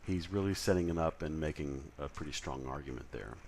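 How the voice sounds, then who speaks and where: This recorded lecture comes from a man with an extremely low, darkish voice who speaks a little fast. He keeps it conversational, frequently using fillers and correcting himself, amid slight background noise.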